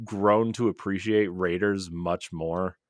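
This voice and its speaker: A man's voice: sits low, steady tone, slow. A man co-hosting a casual podcast chat, talking enthusiastically and rambling with many fillers and restarts. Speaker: podcast co-host.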